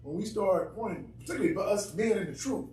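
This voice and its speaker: Earnest guy w a high voice talkin in a bible class, echoey room, mic kinda far. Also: quick pace, a little mellow, slight background noise. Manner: earnest, emphatic. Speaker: class member. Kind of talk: Bible study discussion.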